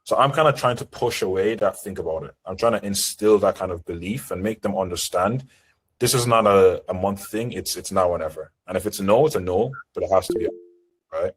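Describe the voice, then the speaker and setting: A man's voice: low voice, fairly quick, breathy edge, poor audio. A man teaching sales in a live seminar, talking in a direct, assertive way. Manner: direct, assertive coaching talk. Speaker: sales trainer. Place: online group call.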